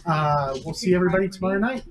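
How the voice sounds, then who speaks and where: A man's voice: sits high, lively intonation, fast talker, loud music behind the voice. A man running a tabletop game as game master, narrating the scene in a storytelling way with small restarts. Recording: noisy home stream audio.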